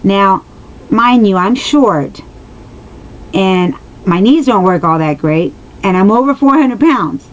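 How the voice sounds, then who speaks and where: A woman's voice: medium pitch, expressive, slow, low-quality recording. A woman telling a personal story straight to her viewers, earnest and emotional, rambling with many restarts and asides. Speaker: vlogger answering viewers.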